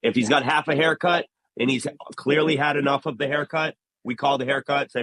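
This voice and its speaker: Animated barber telling stories, bright voice. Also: male voice, mid-range voice, fairly quick, no room sound, poor audio. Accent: New England. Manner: animated storyteller, acts out quoted dialogue. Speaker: barbershop owner, guest. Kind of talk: casual interview talk.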